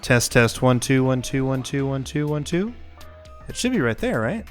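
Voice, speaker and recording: Man, casual live-stream chatter, desk mic, lively pitch, faint music behind. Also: normal speed. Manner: chatty, fiddles with his mic levels aloud. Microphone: desk microphone.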